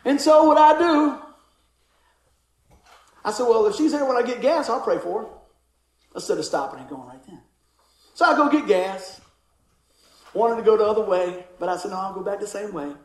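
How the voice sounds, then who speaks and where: Male pastor, high voice, animated storyteller, roomy echo. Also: moderate pace, pauses often. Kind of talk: sermon.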